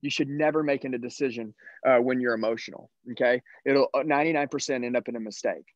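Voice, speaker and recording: A man's voice: medium pitch, fast talker, no room sound, muffled recording. A man giving a motivational sales talk as a trainer, emphatic and punchy, often tagging his points with "okay?".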